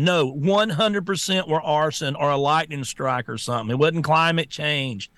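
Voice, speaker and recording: A man's voice: a little high, moderate pace, few pauses, fairly bright tone, dry recording. A man co-hosting a talk show, talking bluntly and scornfully and laughing often. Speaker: co-host. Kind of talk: casual talk-show banter.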